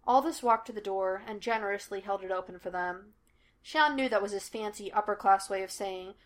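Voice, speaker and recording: A woman reading fan fiction aloud, narrating in an even, steady way. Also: medium pitch, a little fast. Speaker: podfic reader.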